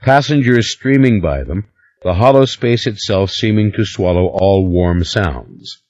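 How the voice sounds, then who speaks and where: A man narrating an audiobook in a measured, expressive reading voice. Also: lowish voice, no echo, lo-fi sound. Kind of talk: scripted narration.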